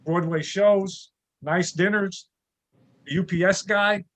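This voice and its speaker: A man from New York performing a stand-up set, with deadpan joke delivery. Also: high-pitched, slow. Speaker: stand-up comic.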